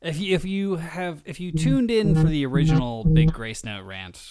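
Animated joking man. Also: on the high side, moderate pace, crowd noise. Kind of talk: casual chat.

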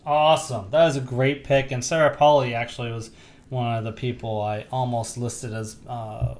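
A man's voice: medium pitch, steady tone, normal speed, a little mellow, slight background noise. A man co-hosting a podcast, chatting casually about films with enthusiastic, rambling restarts. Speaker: podcast co-host. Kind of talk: casual movie chat.

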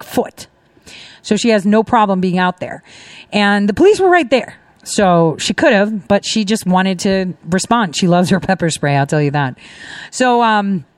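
A woman hosting her own livestream, talking in a rambling, indignant, animated way and laughing now and then. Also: medium pitch, no room sound, studio quality. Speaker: livestream host. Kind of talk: casual ranting commentary.

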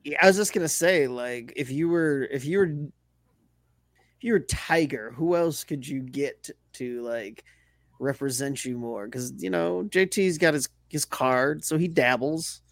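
A man's voice: a little high, a little slow, no room sound, clean studio sound. A young man co-hosting a casual sports podcast, joking and laughing a lot. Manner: joking, lively, laughing often. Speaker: podcast co-host.

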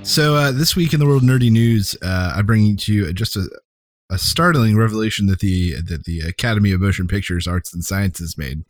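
A man's voice: fairly low pitch, fairly quick, no room sound, clean studio sound, faint music behind. A man co-hosting a podcast, presenting a nerdy news segment and reading out lists in an easygoing way. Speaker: podcast co-host. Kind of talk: casual chat, news segment.

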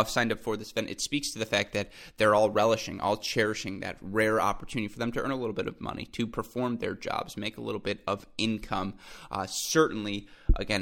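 Low-pitched male podcast host, upbeat and chatty, talks straight to his listeners. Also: creaky, fairly bright tone. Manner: enthusiastic, chatty, addresses listeners as folks. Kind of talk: solo podcast commentary.

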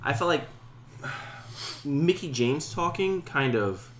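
Lively wisecracking man co-host. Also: a little high, takes it slowly, slight background noise. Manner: wisecracking interjections. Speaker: podcast co-host. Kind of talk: casual wrestling chat.

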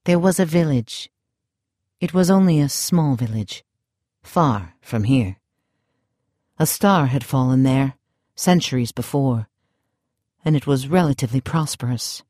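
A vengeful swordsman speaks grimly and deliberately, each word measured and slow, as a narrator voices him. The tone is controlled and menacing, recorded dry and close. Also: medium pitch, expressive, dark tone, no echo. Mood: grave.

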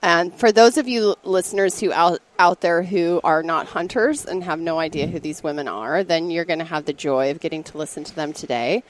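Easygoing woman host from Montana, midwestern accent, chatty and relaxed, lots of ums and likes, a faint murmur behind her. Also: lowish voice, brisk, hardly any pauses, a little hiss or hum. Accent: Midwestern American. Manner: chatty, easygoing, many fillers. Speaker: podcast host. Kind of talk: casual chat. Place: expo hall at a festival.

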